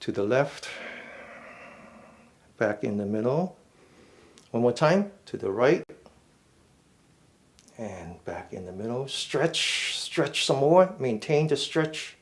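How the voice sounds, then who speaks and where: A man leads a mindful fitness class in a mid-pitched voice. He gives slow, step-by-step cues for each stretch and often checks in with a quick "okay?". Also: very animated. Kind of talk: guided stretching instruction.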